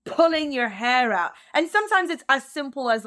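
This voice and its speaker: A woman's voice: sits high, animated, a little fast, hardly any pauses, a bit bright. A woman in her thirties, a dancer, talking in a chatty, upbeat way as a guest in an interview, often saying "like". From France and the United States. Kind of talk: relaxed interview conversation.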